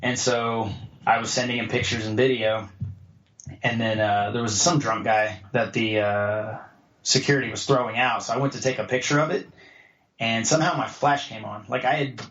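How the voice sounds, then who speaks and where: A man's voice: mid-range voice, steady tone, normal speed, a bit bright. A man guest on a podcast telling a story casually, acting out other people's lines in a raised voice. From United States. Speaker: podcast guest, jiu-jitsu black belt. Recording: roomy, slightly dull podcast audio.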